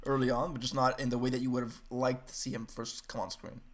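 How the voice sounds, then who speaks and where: A man co-hosting a podcast, chatting in a relaxed way, laughing easily and stammering when he starts a thought. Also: mid-range voice, fast talker. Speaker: podcast co-host. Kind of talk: casual chat.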